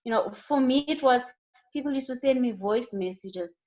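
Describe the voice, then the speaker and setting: Earnest preaching woman, somewhat high voice. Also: normal speed, a little mellow, muffled recording. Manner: earnest and preaching, with rising bursts of emphasis. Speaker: guest. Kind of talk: faith testimony in a studio interview.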